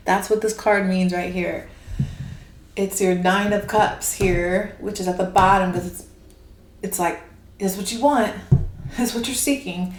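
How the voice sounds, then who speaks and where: A woman giving a casual, rambling tarot reading, animated and laughing often. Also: medium pitch, slow, pauses often. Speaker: tarot reader. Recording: echoey room with faint hiss.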